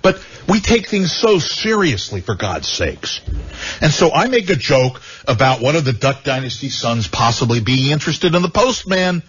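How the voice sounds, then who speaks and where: A man's voice: mid-range voice, sing-song, normal speed, fairly bright tone, husky. A man hosting a talk radio show, joking and rambling with frequent stammered repeats. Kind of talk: casual talk radio banter. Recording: dull lo-fi radio sound.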